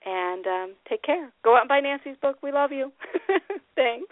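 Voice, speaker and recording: A woman's voice: sits high, animated, normal speed, no echo. A woman with a Midwestern accent hosting a casual chat, bubbly and laughing often, trailing off and restarting her sentences. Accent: Midwestern American. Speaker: host. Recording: tinny phone line.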